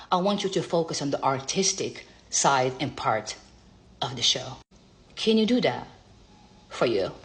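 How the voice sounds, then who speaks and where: A woman vlogger talking casually to camera, sassy and profane, teasing her viewers, laughing often and swinging between hushed asides and loud emphatic bursts. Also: low voice.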